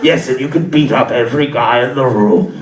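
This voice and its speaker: Sinister old emperor, voiced by a man, deep gloating rasp, heard from afar in an echoey club over a laughing crowd. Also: a little fast, far from the mic, background noise, close to an everyday voice. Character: sinister old male evil emperor, menacing.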